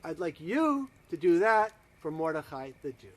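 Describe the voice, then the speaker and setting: A man's voice: fairly high pitch, sing-song, normal speed. A man doing an impulsive, grand old-time king. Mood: curious.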